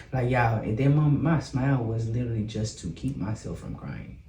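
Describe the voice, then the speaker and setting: A man's voice: mid-range voice, lively intonation, mellow, reverberant, distant mic, a little hiss or hum, poor audio. A man with a Southern American accent, a guest singer, telling his story in an earnest, open and reflective way. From Southern United States. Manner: earnest and open, slow and reflective, with some hesitant "um"s. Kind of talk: candid personal storytelling.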